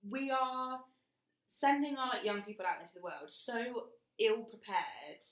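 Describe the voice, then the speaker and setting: A woman co-hosting a podcast, telling stories frankly and in an animated way, often laughing. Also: a little high, unhurried, echoey room, poor audio. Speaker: podcast co-host. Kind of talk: casual chat.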